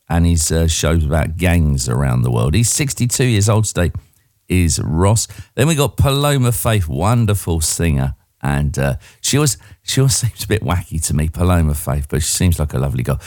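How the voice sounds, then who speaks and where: A man's voice: low voice, a little mellow, no room sound, studio quality. A man presenting on the radio in a casual, chatty way, with frequent ums and uhs as he reads through the day's birthdays.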